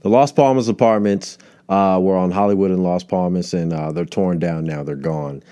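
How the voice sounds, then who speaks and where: A man's voice: deep voice, steady tone, moderate pace, dark tone, clear, resonant tone. A male comedian hosting a solo podcast, rambling from tangent to tangent and swearing casually.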